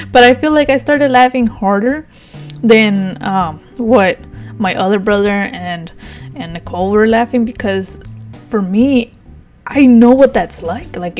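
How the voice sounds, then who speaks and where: A woman's voice: fairly high pitch, darkish tone. A woman vlogger casually telling a rambling, self-mocking story, laughing as she goes.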